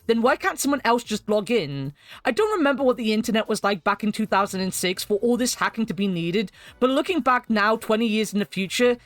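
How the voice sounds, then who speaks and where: A woman's voice: a little high, a bit bright, no echo. Wry, chatty woman reviewing a game. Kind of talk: game retrospective commentary.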